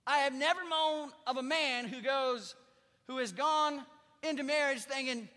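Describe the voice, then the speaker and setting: A pastor preaching from the pulpit, talking to the congregation like a conversation and then leaning hard on the words that matter. His voice sits very high and sounds bright and cutting. The sanctuary adds a long trailing reverb. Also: a little slow. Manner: conversational preaching with emphatic rising stresses. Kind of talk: sermon. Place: church sanctuary. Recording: church hall reverb.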